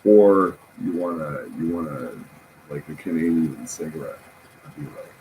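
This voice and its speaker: A man talking in a rambling, halting casual monologue, often laughing at his own jokes. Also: a bass voice, lively intonation, darkish tone, slight background noise, poor audio.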